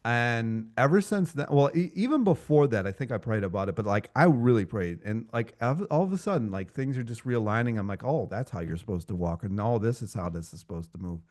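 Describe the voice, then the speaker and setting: A man speaking candidly in casual conversation, with halting restarts. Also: mid-range voice, lively intonation, a little mellow. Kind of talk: casual chat.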